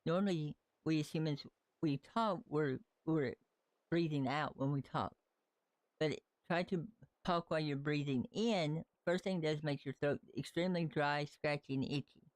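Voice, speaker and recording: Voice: mid-range voice, normal speed, dry recording. A livestreamer in casual gameplay chat, rambling, talking to characters in the game and answering viewers.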